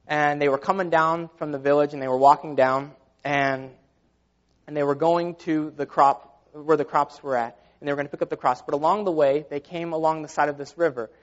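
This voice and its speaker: A man preaching a sermon in an earnest, conversational way, often saying "you know", recorded with a dull, lo-fi sound. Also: fairly high pitch. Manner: earnest, conversational with repeated fillers.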